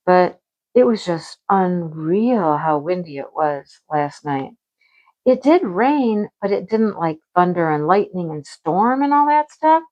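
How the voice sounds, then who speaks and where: A woman chatting casually at home as a crafting vlogger, animated and talkative, acting out her own past remarks. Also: mid-range voice, highs cut off. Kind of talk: casual chat about crafts and home life.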